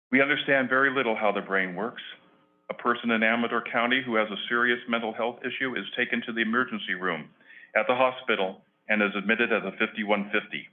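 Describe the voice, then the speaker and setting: A retired older man giving an earnest prepared public comment at a county board meeting, reading with emphatic pauses. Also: on the low side. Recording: phone-like lo-fi meeting audio.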